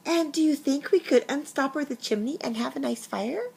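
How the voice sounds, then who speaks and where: Woman putting on a tiny, courteous storybook mouse, soft and high. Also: normal speed, gravelly. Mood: polite. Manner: soft, apologetic and polite. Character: small polite male mouse, gently persistent.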